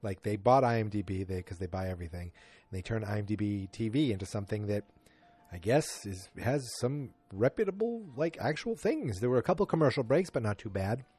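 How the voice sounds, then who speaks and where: A man's voice: lowish voice, animated, brisk, darkish tone, slightly rough, soft background music. A man casually recapping a TV episode in a loose, chatty way. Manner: loose, chatty, breaks into voices of characters.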